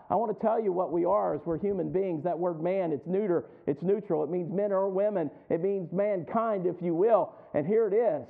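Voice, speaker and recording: A man's voice: sits high, vocal fry. A man preaching a sermon in a folksy way, quoting scripture and acting out the voices of worried churchgoers. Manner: folksy, acts out the congregation's inner voices; laughs often between lines. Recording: tinny phone-like sound.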